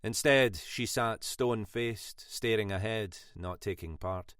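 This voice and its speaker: A man reading a thriller audiobook in a measured, expressive way. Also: lowish voice, clear, resonant tone, dry recording, clean studio sound. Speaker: audiobook narrator. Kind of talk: scripted narration.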